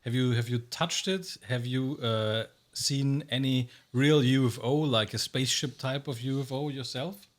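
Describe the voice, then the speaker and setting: A man who is a native German speaker hosts a podcast. He asks polite, searching questions with pauses and has a slightly sore throat. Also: mid-range voice. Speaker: podcast host. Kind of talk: interview questions.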